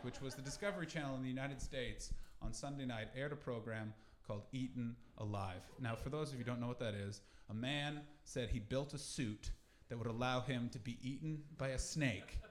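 A Canadian man performing a stand-up comedy set in a club, animated and slipping into mocking character voices. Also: a little high, a little hiss or hum. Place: comedy club with a live audience. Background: audience laughter.

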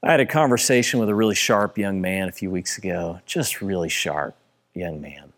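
A man preaching a sermon in a church, building to excited passages and then dropping low and quiet. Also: normal speed. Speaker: pastor.

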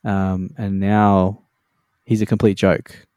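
A man's voice: sits low, little pitch movement, slow pace, a little mellow, smooth, no echo, studio quality. A man in a laid-back, opinionated casual chat, with fillers like "like" and "man".

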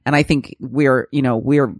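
A man's voice: mid-range voice, steady tone, moderate pace, no echo, studio quality. A man co-hosting a comedy podcast, joking and sarcastic in casual political chat. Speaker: podcast co-host.

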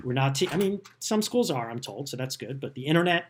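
A man's voice: medium pitch, lively intonation, brisk, husky. A man hosting a podcast, talking in a casual, sarcastic and self-deprecating way about politics. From United States. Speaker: podcast host.

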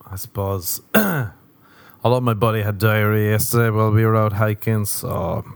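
A young Irish man hosts a solo podcast from home in a loose, rambling way, wry and quick to swear. His voice sits a little low. The sound is close and dry, with no room around it. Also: a little mellow, no echo. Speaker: podcast host. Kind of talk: casual solo podcast chat.

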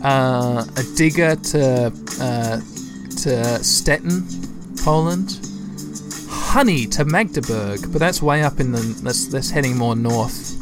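A man's voice: mid-range voice, animated, slow pace, over music. A man giving casual gameplay commentary as a let's-play host, chatty and thinking aloud as he talks to his listeners.

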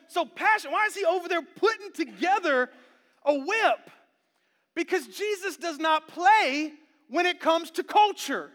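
A man in his thirties preaching an animated sermon as a pastor, playful, moving from quiet talk into shouting. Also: very high voice. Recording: long church hall reverb.

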